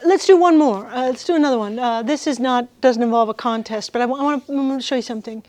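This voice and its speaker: Lively woman lecturing music students. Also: on the high side, fast talker, dry recording. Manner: lively, engaging the audience with questions. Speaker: guest lecturer.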